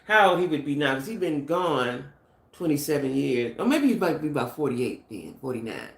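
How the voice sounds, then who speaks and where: A woman's voice: low-pitched, sing-song, moderate pace, creaky. Chatty middle-aged woman in a roomy space. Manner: chatty, speculative, talks straight to viewers and chat. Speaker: channel host. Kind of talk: casual live-stream gossip chat.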